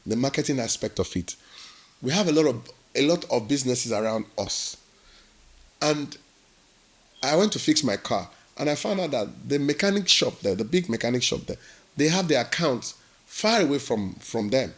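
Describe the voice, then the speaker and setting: A man's voice: medium pitch, normal speed, slightly rough. A man from Nigeria, telling his work story as an interview guest and acting out the dialogue. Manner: animated storyteller who acts out quoted dialogue.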